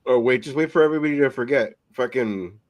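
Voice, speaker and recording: A man's voice: medium pitch, quick pace. A man co-hosting a casual podcast, ranting with frequent swearing. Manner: profane, opinionated ranting. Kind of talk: casual chat.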